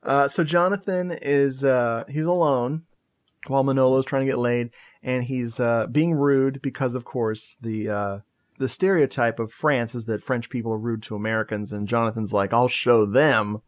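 A man's voice: mid-range voice, moderate pace. A man hosting a casual movie review podcast, telling the plot in a chatty way and laughing often. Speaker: podcast host.

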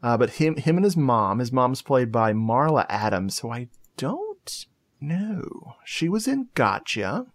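A man hosting a relaxed movie podcast, his voice sitting in a middle register. He recaps the plot in a loose, chatty way and breaks into laughter often. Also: medium pitch, a little slow. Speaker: podcast host. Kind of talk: casual movie review chat.

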